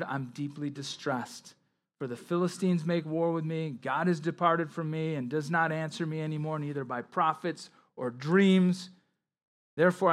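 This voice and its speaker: A man preaching a sermon, reading scripture aloud and explaining it with emphatic asides. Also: a little high. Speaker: pastor.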